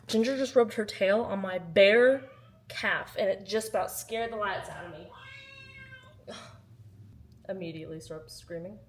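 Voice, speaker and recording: A woman vlogging casually about books at home, chatty and animated, swinging between loud exclamations and quiet asides. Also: medium pitch, normal speed, slight background noise. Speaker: book vlogger. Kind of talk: casual vlog chat. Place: at home, in her kitchen.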